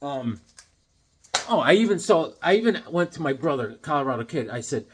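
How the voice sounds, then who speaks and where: Lively, husky-voiced man rambling excitedly. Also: a little high, normal speed. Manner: animated and excitable, self-deprecating, rambling asides. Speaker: comic collector showing his collection. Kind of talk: casual show-and-tell vlog.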